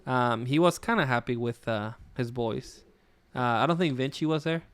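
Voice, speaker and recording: A man's voice: medium pitch, normal speed, clear, resonant tone. A man with a Midwestern American accent co-hosting a casual wrestling podcast, laid-back and rambling, swearing and laughing often. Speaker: podcast co-host.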